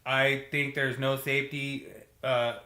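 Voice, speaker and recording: A man's voice: medium pitch, little pitch movement, measured pace, bright, forceful tone, roomy sound. A male podcast host in casual chat, enthusiastic and full of "dude" and "you know" as he reads out listener comments.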